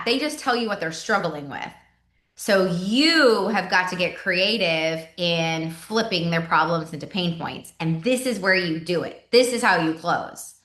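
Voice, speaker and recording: A woman's voice: medium pitch, a bit bright, reverberant. A woman giving a casual sales team training talk. She chats and repeats words, and acts out sample messages.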